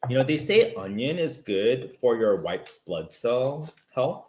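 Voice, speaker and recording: A man co-hosting a live cooking stream from a home kitchen, joking around in relaxed, playful chat. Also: medium pitch, unhurried, echoey room. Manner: playful and animated, jokes along. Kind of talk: casual chat.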